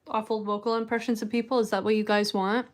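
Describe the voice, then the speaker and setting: A woman's voice: medium pitch, level tone, quick pace. A woman streaming live, chatting casually and rambling in a self-deprecating way to her viewers. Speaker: streamer answering chat.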